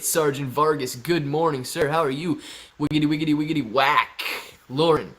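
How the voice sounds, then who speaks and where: A man's voice: on the high side, moderate pace, a bit bright. Upbeat man hosting a live stream. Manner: upbeat, greets chat viewers by name. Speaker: livestream host. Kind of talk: casual live stream chat, reading viewer comments.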